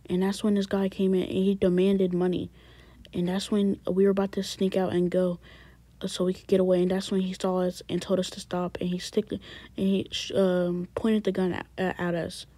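A woman's voice: medium pitch, level tone, fairly quick, mellow, dry recording, lightly acted. A woman voicing a defensive teenage boy who stammers and fumbles his words in a one-person family skit. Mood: shaken.

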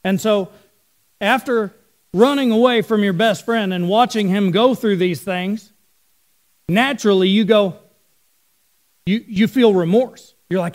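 A man's voice: high-pitched, unhurried, long pauses. A middle-aged man, a pastor, preaching a sermon and telling stories in a conversational way, talking directly with his congregation.

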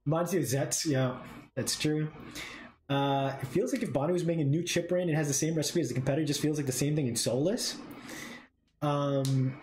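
A man's voice: on the high side, fairly quick, slight background noise. A man talking casually on a live drawing stream, thinking aloud about his design and answering his chat. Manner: animated, jumps between musing and excited bursts. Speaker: artist streamer.

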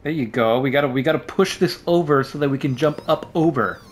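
A man's voice: fairly high pitch, fairly quick, a little hiss or hum. A man giving playful, jokey commentary while playing a game at home, yelping when startled. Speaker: gaming YouTuber. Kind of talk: casual let's-play commentary. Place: home room. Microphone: desk microphone.

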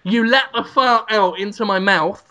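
Bright-voiced man, crude and giggly. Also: high-pitched, moderate pace. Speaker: podcast co-host. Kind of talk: comic riffing.

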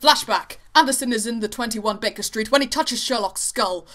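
A woman reading a parody fan story aloud, deadpan, with sarcastic asides. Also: on the high side, fairly quick. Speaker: narrator.

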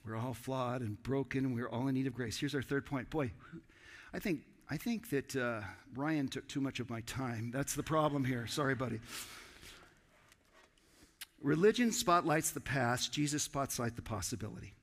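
Animated man preaching in a reverberant church. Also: mid-range voice, normal speed. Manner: animated preacher, acting out dialogue with loud rising outbursts. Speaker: pastor. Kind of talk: sermon. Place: church sanctuary. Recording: church hall with long reverb.

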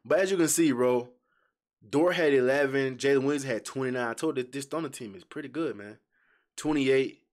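In his casual basketball reaction video, a man with a mid-range voice talks directly to the audience. He's excitable and full of slang, with swears blurting out as he goes.

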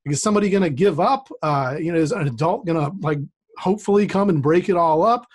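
A man's voice: on the high side, expressive, fast. Man telling a story, self-mocking. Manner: conversational, self-deprecating, with many restarts. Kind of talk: personal storytelling on a streamed show. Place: remote setup with a rained-on playground backdrop.

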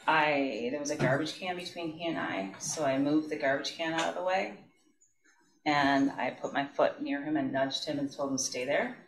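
A school principal giving courtroom testimony, speaking haltingly with restarts and trailing off. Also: medium pitch. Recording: roomy courtroom audio, distant mic, faint hiss.

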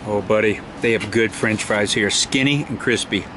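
A middle-aged man with a fairly low voice talks at a moderate pace over a noisy background. He's an outdoor vlogger chatting casually into a handheld camera and exclaiming over his food.

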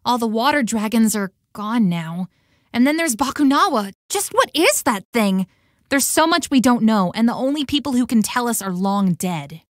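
A woman's voice: a little high, lively intonation, normal speed, no room sound, studio quality, natural voice. A woman voicing an earnest young heroine who talks in a thoughtful, reasoning way, in a video game.

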